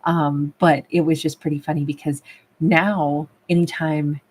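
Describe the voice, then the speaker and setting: A woman tarot reader in a casual livestream, chatting affectionately with viewers and calling them babe and love, a little rough from a recent cough. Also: deep voice, level tone, a little slow, darkish tone. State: recovering from a cough. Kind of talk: livestream chat reading viewer comments.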